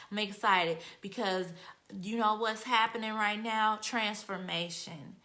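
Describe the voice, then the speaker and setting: A woman's voice: mid-range voice, fairly even intonation, takes it slowly, sharp tone. A woman author and motivational speaker giving an inspirational self-help talk, emphatic and repetitive, with casual conversational phrasing that swells into passionate peaks.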